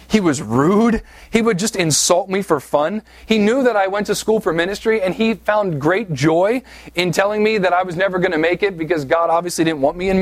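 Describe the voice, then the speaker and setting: A pastor from southeast Pennsylvania preaches a sermon, sharing a personal story in a conversational, self-deprecating way with frequent "right?" asides. His voice sits high, recorded dry.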